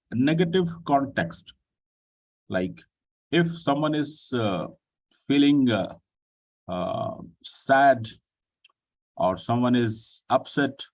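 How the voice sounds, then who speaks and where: Soft-spoken man hosting an online talk. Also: medium pitch, recorded from a distance, poor audio. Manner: polite, addresses people with "ji" and "sir"; pauses with frequent fillers. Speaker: session host. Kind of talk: online group discussion.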